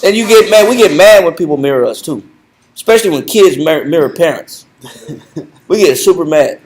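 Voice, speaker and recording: A man leading a Bible study lesson in a conversational, animated way, repeating himself and laughing often. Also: a little high, moderate pace, slight background noise, low-quality recording. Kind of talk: conversational teaching.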